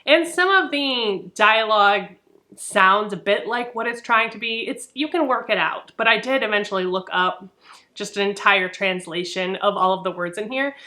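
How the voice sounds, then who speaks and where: Young adult woman, bright voice, chatty, animated, casual book vlog, lots of fillers. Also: medium pitch, moderate pace. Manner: chatty, animated, frequent "like" and "really". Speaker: book reviewer.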